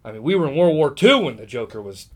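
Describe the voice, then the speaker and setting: A man's voice: medium pitch, very animated, quick pace. A man chatting on a podcast, ranting bluntly and with strong opinions. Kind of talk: casual chat.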